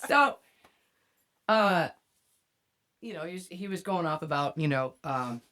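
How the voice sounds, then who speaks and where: A low, unhurried female voice belongs to a podcast host in a casual chat. She tells stories bluntly and profanely, cursing plenty, and animatedly acts out other people's lines.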